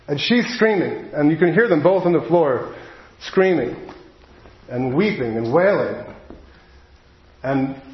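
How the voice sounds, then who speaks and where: Man, pastor, sermon, earnest storytelling, slightly high voice, dull lo-fi sound. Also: animated. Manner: earnest storytelling, slowing on heavy moments. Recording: echoey hall, dull lo-fi sound.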